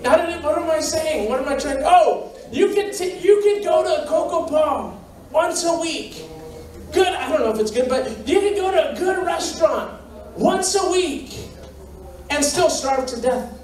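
A man preaching a sermon in a joking, animated way, often repeating his phrases. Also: very high voice, moderate pace, a little hiss or hum. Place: church sanctuary. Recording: echoey church hall, mic far off.

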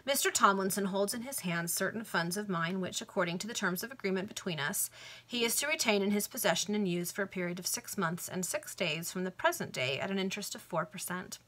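A woman voicing a cool, scheming male Victorian financier in a read-aloud novel, speaking with calm irony. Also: mid-range voice, fairly quick. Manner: cool, ironic.

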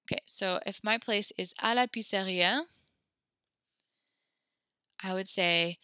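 A woman teaching a French class, giving brisk instructions that mix English and French and often correct herself mid-sentence. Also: medium pitch, steady tone, bright, forceful tone, dry recording.

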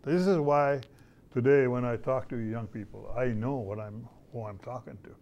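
A man's voice: mid-range voice, normal speed, a little mellow, lo-fi sound. An older man, an artist talking casually to schoolchildren in a folksy, storytelling way, often repeating his phrases. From Canada. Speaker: visiting artist.

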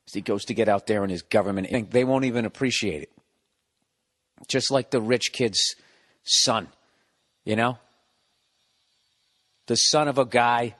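A man's voice: medium pitch, big-room sound. A man in his forties with a Boston accent hosts a podcast from his home, ranting sarcastically and swearing in a rambling comic monologue. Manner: profane, sarcastic, animated rants. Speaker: podcast host. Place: home, recording indoors.

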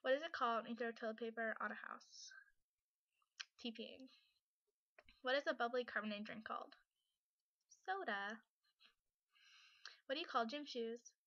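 Young woman, Canadian accent, bright higher voice, dry muffled webcam sound. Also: moderate pace, pauses often, no echo. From British Columbia, Canada. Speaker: vlogger. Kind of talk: casual accent challenge reading word lists and a book passage.

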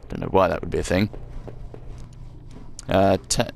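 A man's voice: low voice, steady tone, normal speed, gravelly, darkish tone, a little hiss or hum. A man chatting self-mockingly as he plays through a game, swearing now and then. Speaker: let's play gamer. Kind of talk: casual gameplay commentary.

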